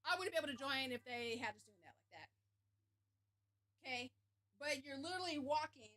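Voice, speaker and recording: A woman streamer telling a story to her live chat in a casual way, animated and frank, laughing often and swearing freely. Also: high voice, fairly quick.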